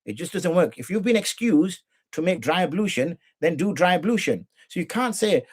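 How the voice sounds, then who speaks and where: A man's voice: sits high, animated, moderate pace, hardly any pauses, slightly rough. A middle-aged man teaching rules of prayer on a live show, arguing his points with rhetorical questions and imitating the people he corrects. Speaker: Islamic jurist teaching.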